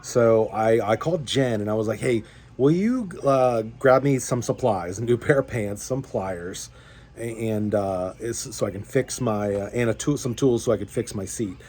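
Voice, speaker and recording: With a fairly low, slightly mellow voice at a moderate pace, a young man who vlogs about fishing tells a meandering story of a bad day. It's casual, self-deprecating chat packed with fillers and restarts, and a little hiss or hum sits under it.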